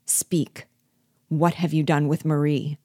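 A woman's voice: low voice, flat delivery, slow, dark tone, husky, dry recording, studio quality, heavily acted. A woman voicing a furious young husband, reading his urgent, emphatic demands from a novel.

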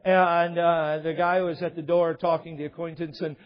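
A man's voice: fairly high pitch, level tone, normal speed. A male preacher delivering a sermon in a church, mixing sarcastic storytelling with earnest Bible teaching. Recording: muffled lo-fi sermon recording.

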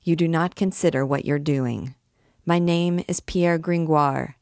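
An earnest male poet who argues and pleads for his life, voiced by a woman reading aloud. Her voice is low, and the recording is dry and close. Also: a little slow, darkish tone, no echo. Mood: firm.

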